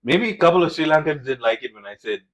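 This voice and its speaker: A man's voice: on the high side, animated, quick pace, rough recording. Man teasing and swearing on a podcast. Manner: crude, teasing, swears a lot. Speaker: podcast co-host. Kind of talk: casual chat.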